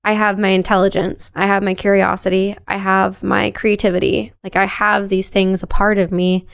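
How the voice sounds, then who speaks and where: A young woman talks as a podcast guest, earnest and reflective, filling her speech with "like." Her voice carries a gravelly fry yet stays smooth and resonant, and her pitch moves little. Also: level tone, normal speed. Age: young adult. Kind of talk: casual podcast conversation.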